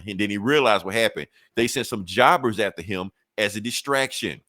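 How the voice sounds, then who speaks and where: A man hosting a podcast, recapping a comic book in a casual, profane, animated way. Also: on the low side, brisk, no echo. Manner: profane, animated storyteller, slips into characters. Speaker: podcast host.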